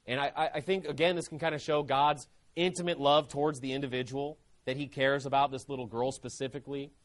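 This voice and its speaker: A man's voice: mid-range voice, flat delivery, a little fast. A man preaching a sermon, fervent and emphatic.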